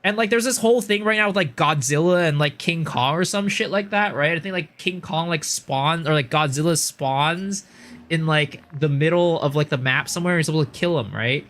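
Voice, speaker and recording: A young man streaming games, chatting casually and telling long rambling stories full of fillers, getting loud and exasperated when he rants. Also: a little high, moderate pace. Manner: rambling anecdotal storytelling with many fillers. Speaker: game streamer. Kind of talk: casual live-stream chat.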